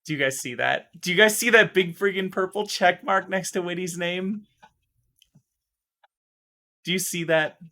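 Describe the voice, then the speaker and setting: A man chatting casually on a live stream, excitable and emotional, rambling and restarting, his voice still strained from recovering. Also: high-pitched, moderate pace, pauses often.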